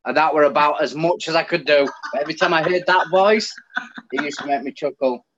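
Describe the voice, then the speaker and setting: A man's voice: a little high, brisk, noisy background. A middle-aged man, a talkative guest telling stories in a casual live stream chat. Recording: slightly dull lo-fi call audio.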